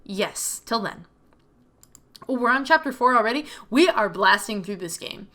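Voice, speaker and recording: A woman's voice: a little high, lively intonation, fairly quick, a bit bright. A young woman talking casually as she plays through a visual novel, chatty and rambling with lots of filler words. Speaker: video game streamer. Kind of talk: casual playthrough commentary.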